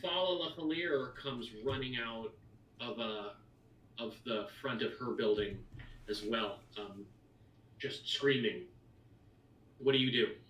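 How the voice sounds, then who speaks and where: A man narrating a tabletop game as dungeon master in a casual, halting way. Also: medium pitch, a bit bright, reverberant, recorded from a distance, poor audio.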